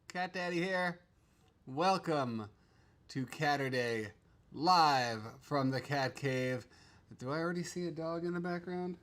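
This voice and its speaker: A man's voice: fairly high pitch, a bit bright. A man hosting a casual livestream from a home studio, chatting loosely, trailing off and restarting his sentences. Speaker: livestream host.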